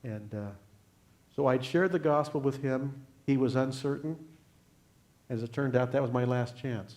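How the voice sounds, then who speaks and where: An older man, a guest speaker at a church, telling a personal faith story in an earnest, unhurried way and closing in prayer. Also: medium pitch, a little mellow. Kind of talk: sermon testimony.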